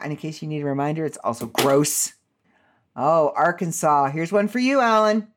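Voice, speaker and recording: Woman host reading dumb laws out loud, chatty and amused, voice bouncing up and down a lot. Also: mid-range voice. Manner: chatty, amused, self-interrupting asides. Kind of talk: casual chat reading out odd laws.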